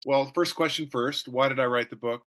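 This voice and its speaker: A middle-aged or older man, a guest author, telling stories in an interview with quick jokes and voices acted out for the people he quotes. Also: medium pitch. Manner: jokey, animated storyteller who acts out quotes. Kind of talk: storytelling interview answers.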